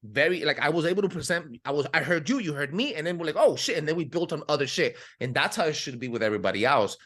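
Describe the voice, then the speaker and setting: A man from California speaks quickly and emphatically in a casual podcast chat. His voice sits a little high, and he fills his talk with profanity and acted-out bits of stories. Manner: profane, emphatic, animated storytelling. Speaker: podcast host.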